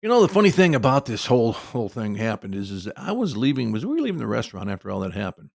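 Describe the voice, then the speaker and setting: A middle-aged man rattles through a personal story at a quick clip, his voice rough with gravelly fry. He rambles in a folksy, aside-heavy way, and the sound is close and dry with no room around it. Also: medium pitch, sing-song, darkish tone, no echo. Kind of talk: casual personal anecdote.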